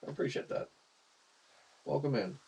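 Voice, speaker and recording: A man's voice: mid-range voice, moderate pace, gravelly, darkish tone, husky, low-quality recording. A young Australian man casually chatting to viewers while streaming a game, laughing often and greeting chat.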